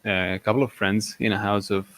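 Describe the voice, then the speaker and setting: A man calling in over a voice call, telling a personal story in a calm, matter-of-fact, rational way. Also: on the low side, brisk. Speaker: caller.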